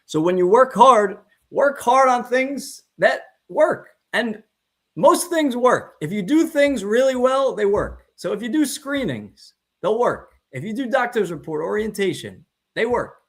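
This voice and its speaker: A man's voice: extremely high pitch, big pitch swings, unhurried. A man, a chiropractor, giving a motivational talk to fellow chiropractors and stressing his points by repeating phrases.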